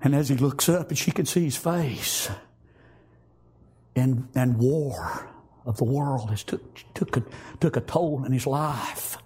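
Husky, fervent male preacher. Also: mid-range voice, slow, darkish tone. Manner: fervent, repetitive, punctuated with amens. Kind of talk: sermon storytelling.

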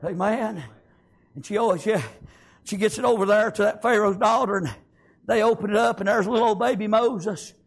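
A man's voice: high-pitched, fairly even intonation, a little fast, creaky, breathy edge. A man preaching a fervent sermon, peppering it with amens and praise God.

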